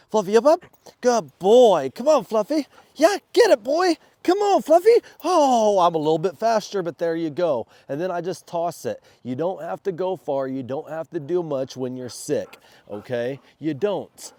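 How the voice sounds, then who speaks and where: A sick, congested man talks through a casual dog-training vlog in a dark, mellow voice. He breaks off now and then to bark sharp, loud commands at his dog. The sound is dry and close. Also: a little high, no echo. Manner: loud sharp commands between relaxed explanations. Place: outdoors in a backyard.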